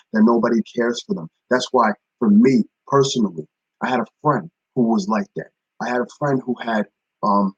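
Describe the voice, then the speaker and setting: This ministry speaker has a husky, somewhat mellow mid-range voice and leads an informal live-streamed devotional. He repeats phrases and greets those watching by name. The recording has no echo and its high frequencies are cut off.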